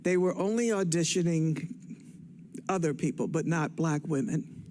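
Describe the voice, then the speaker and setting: An older woman from Cleveland, Ohio, out of breath and excited, telling her life story in a rambling, self-correcting way on stage. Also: low-pitched, normal speed. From Cleveland, Ohio, USA. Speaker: guest speaker on stage. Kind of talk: personal storytelling speech.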